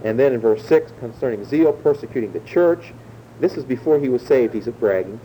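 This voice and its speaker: Male pastor, dark mellow tone, measured verse-by-verse sermon delivery, slight rumble behind. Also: lively intonation, low-quality recording. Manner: measured teaching, slowing to stress key words.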